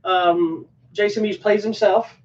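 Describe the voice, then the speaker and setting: A man's voice: sits high, fairly even intonation, a little slow. A man co-hosting a casual podcast chat, talking in an easygoing, rambling way. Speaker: co-host. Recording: dull sound from a distant mic.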